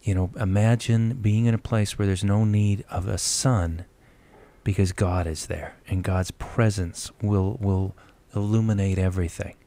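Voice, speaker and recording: A man with a very deep, mellow voice hosts a radio talk show. He speaks reflectively and affirms his guest. His talk is relaxed interview conversation. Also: unhurried.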